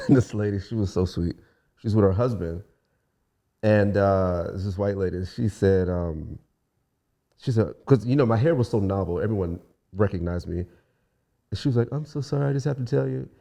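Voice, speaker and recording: Relaxed man with a low, mellow voice. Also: normal speed, long pauses. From Washington DC. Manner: relaxed storyteller, acts out quoted voices. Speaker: guest singer. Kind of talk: casual podcast interview.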